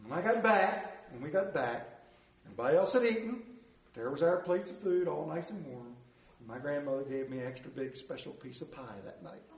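A man preaching a sermon, telling a folksy story in an animated, storytelling way. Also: fairly high pitch, fairly quick, echoey room, a little hiss or hum. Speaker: pastor.

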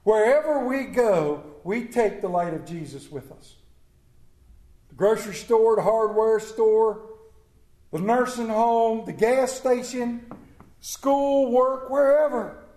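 Earnest preacher man, high voice, echoey room. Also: slow. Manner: earnest, repeats key words, drops to hushed tones. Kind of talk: sermon.

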